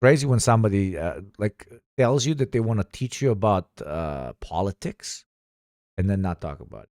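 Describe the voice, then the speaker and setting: A male streamer reacting to clips live, profane and quick to laugh. His low voice jumps all over the place in pitch, recorded close and dry. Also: no echo. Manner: profane, animated, laughs a lot. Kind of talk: livestream reaction commentary.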